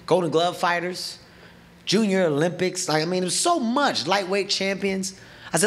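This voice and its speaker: A male comedian telling a story on stage into a handheld mic, animated and profane, acting out scenes. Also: high-pitched, moderate pace. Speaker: stand-up comedian. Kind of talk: stand-up storytelling. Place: large comedy venue on stage.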